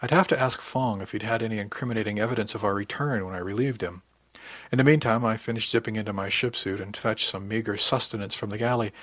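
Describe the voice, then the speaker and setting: A man narrating a first-person audiobook in an even, wry storytelling manner. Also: fairly low pitch, fast talker, dry recording.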